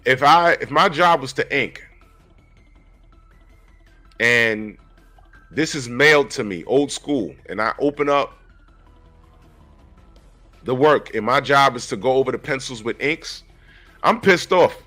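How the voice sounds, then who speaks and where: A man in his forties giving animated, casual commentary on a comic book, talking straight to his viewers. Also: medium pitch, unhurried, pauses often, faint music behind. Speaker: comic book reviewer and artist.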